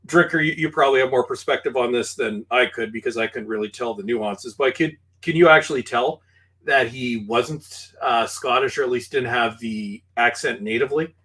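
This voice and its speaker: Chatty Canadian man, mid-pitched. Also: breathy edge. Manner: animated, halting, many fillers. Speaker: podcast guest. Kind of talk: casual film discussion.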